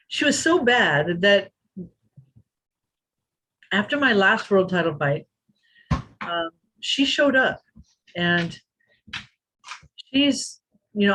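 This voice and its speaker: A woman in her fifties, a former kickboxing champion, telling animated stories as a podcast guest and acting out what people said. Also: mid-range voice, breathy edge, poor audio. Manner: animated, acts out quotes. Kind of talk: storytelling in a podcast interview.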